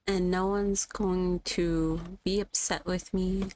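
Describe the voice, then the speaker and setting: A woman's voice: on the low side, flat delivery, takes it slowly. Playful woman streamer talking to herself. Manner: playful, talks to herself, sings little tunes. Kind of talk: casual gameplay commentary. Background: soft background music.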